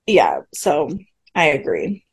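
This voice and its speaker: A woman's voice: low-pitched, wildly swooping pitch, slow pace, creaky, slightly rough. A woman co-hosting a podcast, casually recapping a TV episode and acting out quoted lines with frequent laughs. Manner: chatty, retells scenes with quoted lines, laughs often. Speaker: podcast co-host.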